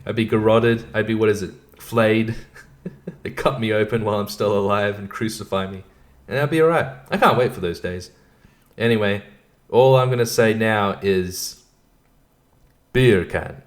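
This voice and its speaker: A man's voice: lowish voice, normal speed. Rambling, sardonic young man podcasting. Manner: rambling, sardonic, swears often, laughs at himself. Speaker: podcast host. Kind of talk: casual solo podcast rambling.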